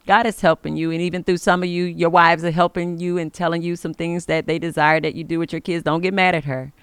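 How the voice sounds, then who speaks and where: A woman's voice: lowish voice, little pitch movement, fast, smooth, dry recording. A woman hosting an inspirational faith podcast, speaking emphatically in the manner of a preacher and giving blessings. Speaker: podcast host.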